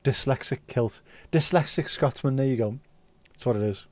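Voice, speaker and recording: A man's voice: medium pitch, normal speed, darkish tone, no echo. A man from North West England, hosting a casual livestream and bantering with chat comments. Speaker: livestream host.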